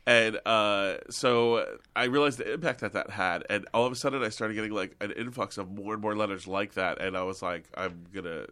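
A male actor and comedian chatting as a podcast guest, telling animated stories full of "like". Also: lowish voice, fairly quick, hardly any pauses. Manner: animated storyteller, lots of "like". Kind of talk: casual podcast chat.

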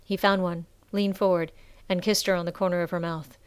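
Smooth-voiced woman narrating a story. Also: fairly low pitch, dry recording. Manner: measured, expressive storytelling. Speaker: audiobook narrator. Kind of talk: scripted narration.

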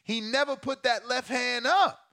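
A man hosting a live stream, reacting to a fight with loud, profane exclamations. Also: very high-pitched, measured pace. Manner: excitable, profane, shouts and exclaims.

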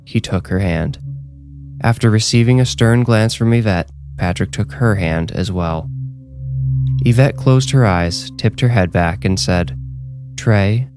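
Deep-voiced man narrating horror. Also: a little mellow.

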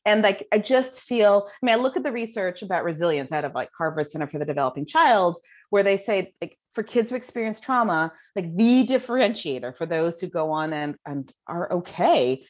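A woman guest author telling stories about parenting in an animated, casual way. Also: on the low side, a little fast. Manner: animated, lots of fillers. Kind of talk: casual storytelling chat.

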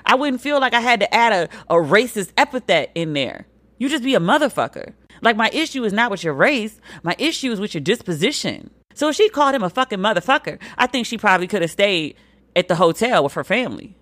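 A woman hosts a solo commentary podcast. She is blunt and profane, and her voice jumps high when she makes a point. The sound is dry and close to the mic. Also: a little fast, dry recording. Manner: animated, swings pitch high for emphasis. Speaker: podcast host.

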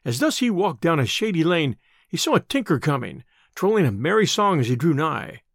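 A man narrating a classic storybook with a lively, swooping delivery. His voice is fairly high for a man, and the recording is close and dry with no room sound. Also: fairly quick, gravelly, no echo. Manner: animated storytelling.

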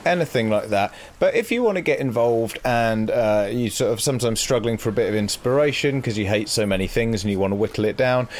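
A man's voice: medium pitch, brisk, few pauses. A man co-hosting a casual podcast, reading listener letters aloud in a dry, self-deprecating way. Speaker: podcast co-host.

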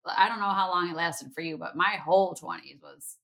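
A woman's voice: fairly low pitch, brisk, creaky, a crowd in the background. A woman in her thirties in casual chat, dropping wry, teasing remarks.

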